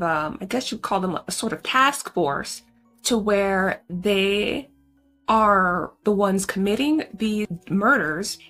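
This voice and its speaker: A woman's voice: medium pitch, a bit bright. Chatty woman recapping a horror movie. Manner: chatty and slangy, talks straight to viewers. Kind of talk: casual spoken movie recap.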